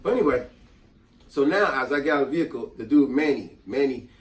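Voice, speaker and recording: A middle-aged man telling a casual story, animated and acting out the people in it. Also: mid-range voice, fast talker. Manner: animated, acts out voices in quotes. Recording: roomy and distant from the mic.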